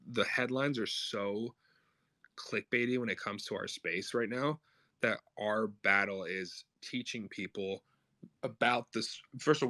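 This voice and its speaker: A man hosting a casual audio chat, talking fast and loose with swearing and lots of fillers. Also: no echo. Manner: fast, profane, energetic pitch talk. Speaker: host of a crypto media brand. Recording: audio stream.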